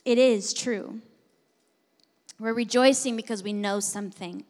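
A woman pastor preaching a sermon, moving between hushed, intimate passages and loud, forceful declarations. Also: on the high side, measured pace. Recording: long hall reverb.

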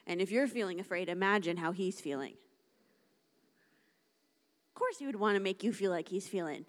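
A woman preaching a lively, conversational sermon to a church congregation, acting out little dialogues as she talks. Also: mid-range voice, normal speed, pauses often. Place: church service.

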